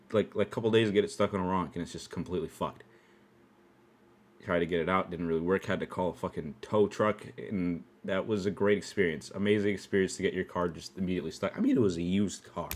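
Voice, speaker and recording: A young man telling a rambling story on his own podcast, swearing freely, laughing, and swinging between loud outbursts and low mumbles. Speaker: podcast host.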